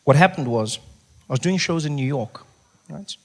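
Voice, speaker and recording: South African male comedian, slightly high voice, lively storytelling, stage mic. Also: moderate pace. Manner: animated storytelling, swings to soft hushed talk. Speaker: stand-up comedian. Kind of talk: stand-up comedy.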